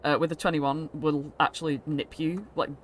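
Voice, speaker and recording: A woman's voice: sits low, steady tone, moderate pace, a little hiss or hum. A woman narrating a tabletop game as game master in a rambling, giggly way, with lots of fillers.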